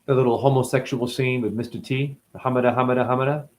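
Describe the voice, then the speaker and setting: A man's voice: fairly even intonation, fast. A man in his forties hosting a rambling, profane livestream talk. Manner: profane, rambling, jumpy pitch swings. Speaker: host.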